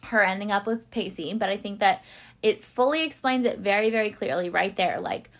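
A woman's voice: medium pitch, a little fast, fairly bright tone. A young woman chatting casually through a TV recap, rambling with lots of fillers and getting teary. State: tearful. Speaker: podcast host recapping a TV series. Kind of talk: casual chat.

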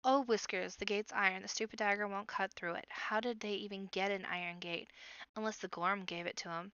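A woman voicing a fierce, quick-witted young girl rabbit who speaks urgently and loudly. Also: mid-range voice, steady tone, smooth, no echo, muffled recording, close to an everyday voice. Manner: urgent, fiery, loud.

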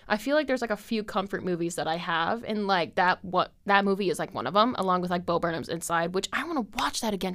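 Smooth-voiced young woman rambling casually. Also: medium pitch, a bit bright. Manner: chatty and scattered, heavy with fillers and frequent laughs. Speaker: podcast host.

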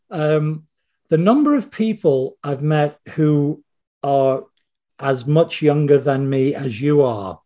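Male guest, slightly higher voice, rambling storyteller, many restarts. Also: darkish tone. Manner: rambling, anecdotal, self-interrupting. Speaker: screenwriter guest. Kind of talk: casual interview chat.

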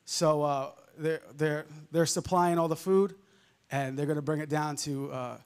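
A male preacher with a softened New York accent, delivering a fervent sermon full of amens and hallelujahs. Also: fairly high pitch, little pitch movement, unhurried, smooth. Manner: fervent, peppered with amens and laughs.

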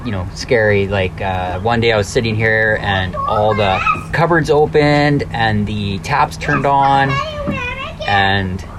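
A man's voice: fairly low pitch, takes it slowly. A man rambling about a spooky experience in casual chat, with lots of fillers. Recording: noisy background.

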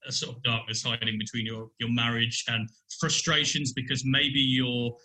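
A man with a bright, clear-toned voice talks through a song on a podcast. He is animated and rambling, circling back and restarting as ideas come to him. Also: mid-range voice, normal speed, rough recording. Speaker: podcast guest, musician. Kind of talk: casual music discussion.

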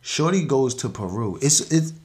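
A man's voice: mid-range voice, expressive, normal speed. A man hosting a podcast, recapping a movie in casual slang, rambling with frequent restarts and laughs. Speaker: podcast host.

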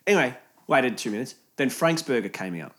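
A man talking casually, his pitch jumping all over as he tells an everyday story. He swears freely and acts out other people's lines in sudden high voices. The delivery is animated and conversational. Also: a little fast. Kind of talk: casual chat.

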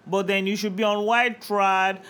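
Bright-voiced woman, blunt and tipsy. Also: mid-range voice, flat delivery, normal speed. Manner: bold, blunt, laughing, profane. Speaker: podcast co-host. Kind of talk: casual chat.

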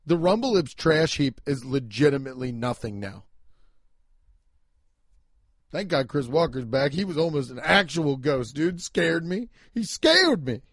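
Man, podcast host, rambling comedic monologue, fairly high voice, dry close sound. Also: a little slow, long pauses, dry recording. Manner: rambling, profane, jumps into loud emphatic bursts.

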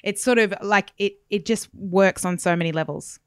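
Smooth-voiced woman in her forties, chatting. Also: medium pitch, moderate pace, no room sound, clean studio sound. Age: 40s. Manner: chatty storytelling with asides. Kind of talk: casual chat.

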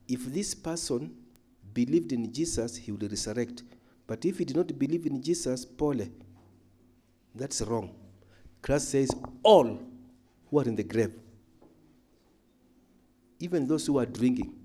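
A man teaching a Bible study in a church hall, emphatic, moving between loud calls and quiet asides. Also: lowish voice. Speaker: pastor.

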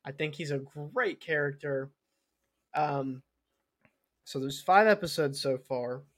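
A young man co-hosting a podcast, chatting in a relaxed way and acting out his friends' reactions while he tells a story. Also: on the high side, takes it slowly. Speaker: podcast co-host. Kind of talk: casual chat.

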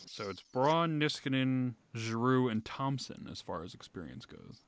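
A man's voice: medium pitch, sing-song, unhurried, no room sound. A man co-hosting a casual sports podcast, blunt and swearing freely, muttering while he checks stats. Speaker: podcast co-host.

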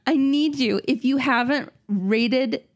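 A woman's voice: sits high, takes it slowly. A woman co-hosting a podcast in casual chat, rambling, correcting herself and swearing freely. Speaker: podcast co-host.

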